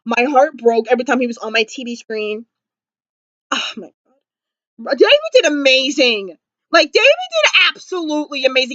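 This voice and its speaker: A young woman talks excitedly to camera, reviewing a TV episode like a devoted fan. Her high, bright voice swings wildly up and down as she gushes, full of fillers and dramatic outbursts. The sound is dry and a bit dull, a lo-fi home recording. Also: moderate pace, no room sound. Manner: gushing, dramatic, lots of "like" and fillers. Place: indoors at home.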